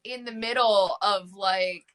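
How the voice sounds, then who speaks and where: A woman's voice: medium pitch, fairly even intonation, takes it slowly, over a noisy crowd. A woman from Maryland with a Maryland accent, talking frankly and casually as an interview guest with plenty of fillers. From Maryland, USA. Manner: frank, blunt, chatty with many fillers.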